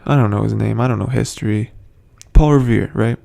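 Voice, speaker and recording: A man's voice: fairly low pitch, fairly quick, vocal fry, mellow. A man hosting a casual, rambling TV episode recap, full of hesitant fillers. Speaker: host.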